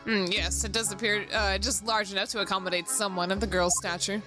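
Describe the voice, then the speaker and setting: A woman's voice: mid-range voice, flat delivery, a little fast, close to an everyday voice. Woman putting on a jovial Irish man. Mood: folksy. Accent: Irish, put on. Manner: folksy, rambling, old-fashioned turns of speech. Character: jovial middle-aged Irish man, folksy passenger. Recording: background music playing.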